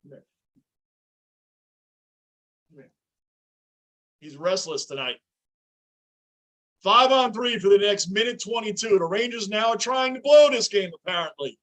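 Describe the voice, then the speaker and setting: A livestreaming man reacts to a hockey game from his basement, his high, bright voice jumping to shouts at penalties and saves. He greets chatters by name between calls. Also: moderate pace. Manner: excitable, yells at the game. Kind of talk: live game reaction with chat shout-outs. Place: home basement.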